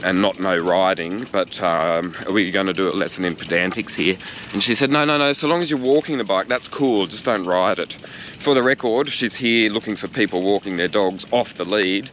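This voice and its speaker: A man's voice: deep voice, a bit bright, a little hiss or hum. A man with an Australian accent chatting casually in a vlog outdoors in a park, joking and talking to himself, filmed on a handheld camera. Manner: chatty, jokey, talks to himself. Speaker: cycling vlogger.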